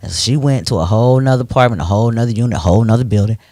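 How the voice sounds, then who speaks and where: A man hosting a radio talk show, ranting in an animated, preachy way into a studio microphone. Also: medium pitch, very fast, no room sound.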